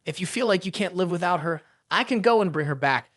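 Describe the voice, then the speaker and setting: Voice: mid-range voice, animated, quick pace, a bit bright, no room sound, studio quality. A narrator voicing a sly young man, an aide who teases his boss. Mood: teasing. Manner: teasing. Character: teasing young male aide, dry and sly.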